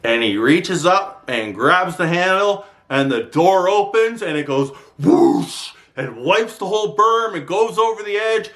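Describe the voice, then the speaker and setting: A man ranting to camera in a vlog, telling stories in an exasperated, sweary, animated way, filmed with a handheld camera mic. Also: high voice, measured pace, few pauses. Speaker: vlogger.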